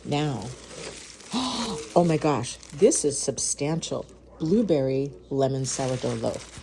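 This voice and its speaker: In her home kitchen, a woman food vlogger unboxes and tastes baked goods, gushing, gasping and moaning over the food. Her voice is very deep and unhurried, with background noise behind it.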